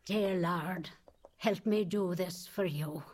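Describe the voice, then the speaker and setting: A woman's voice: on the low side, takes it slowly, music in the background. An actress playing a devout, plainspoken Scottish missionary woman who takes in refugee boys, speaking with a Scottish accent. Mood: brisk. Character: stern pious Scottish woman missionary, middle-aged. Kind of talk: radio drama acting.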